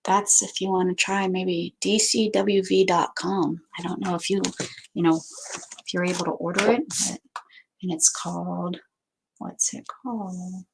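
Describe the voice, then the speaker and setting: A woman's voice: lowish voice, fairly even intonation, a little slow, vocal fry. A woman hosting a crafting video, chatting casually to viewers and thinking aloud as she sorts paper. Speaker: craft channel host. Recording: noticeable background noise.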